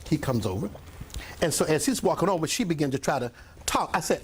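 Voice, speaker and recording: An older man preaches from the front of a meeting room, drifting into a long, animated story. His pitch rises and dips all over, and he pauses to cough and clear his throat. Faint noise sits under the room sound. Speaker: pastor. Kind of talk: storytelling sermon. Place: church meeting room with a congregation.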